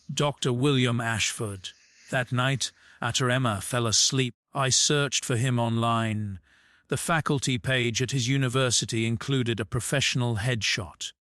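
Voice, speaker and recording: A man reads a first-person audiobook in a measured, restrained voice at a mid pitch. He takes his time over each line. The recording is dry and close, with no room sound. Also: a bit bright, dry recording. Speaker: narrator.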